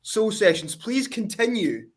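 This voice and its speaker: A man's voice: high-pitched, big pitch swings, unhurried. A man, a wrestling champion, boastfully trash-talking his way into an interview over a video call. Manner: cocky, boastful, swaggering. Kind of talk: brash trash talk.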